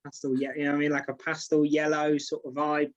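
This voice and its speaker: A man's voice: on the high side, completely flat delivery, fast talker, dull audio. A young man, a comedian guest, chatting in a rambling, self-deprecating way over a video call. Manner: rambling, self-deprecating, lots of "you know what I mean". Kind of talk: casual interview chat.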